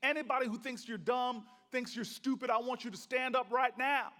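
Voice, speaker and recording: A man's voice: very high-pitched, fairly even intonation, moderate pace. A man putting on an impatient schoolteacher woman. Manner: coaxing, mock-stern, softer. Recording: long hall reverb.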